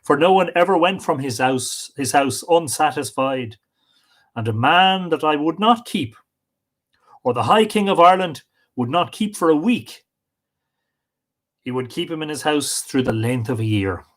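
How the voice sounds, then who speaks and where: A heroic chieftain of legend, grave and commanding, as a man reads him aloud. His lines rise in pitch with lively, storyteller's declamation. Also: moderate pace. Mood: solemn. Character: heroic older male leader of a warrior band.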